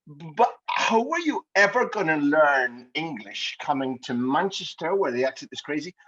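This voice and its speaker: Scottish podcast host, husky, animated and playful, slightly dull lo-fi sound. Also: male voice, on the high side, normal speed. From Scotland. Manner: playful, jokey questioning. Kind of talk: podcast interview.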